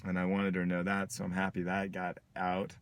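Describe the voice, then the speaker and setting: A man talks in a candid personal video diary, reflective and halting, with many pauses. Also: deep voice, monotone, clear, resonant tone. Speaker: vlogger.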